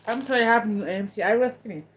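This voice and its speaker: A woman's voice: medium pitch, very fast, slight background noise. A woman hosting a casual chat with viewers, telling a story in a rambling way with many restarts. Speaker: host. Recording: dull lo-fi sound.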